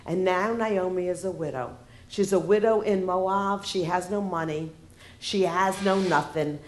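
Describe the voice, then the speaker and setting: A woman lecturer with a lowish voice, wry and playful. She keeps checking in with her audience through rhetorical questions. Her voice carries a roomy echo from the lecture hall. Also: a little slow, a little hiss or hum. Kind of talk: humorous lecture.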